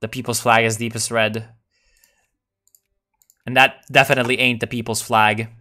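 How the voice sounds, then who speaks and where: Bright-voiced profane man narrating gameplay. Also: medium pitch, moderate pace. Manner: profane, excitable, ironic meme slang. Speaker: strategy game player. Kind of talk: casual gameplay commentary.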